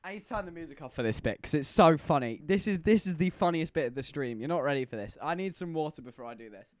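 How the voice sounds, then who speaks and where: A man telling a story to his live-stream chat, animated and laughing, teasing the viewers. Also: a little high, quick pace, no room sound, soft background music.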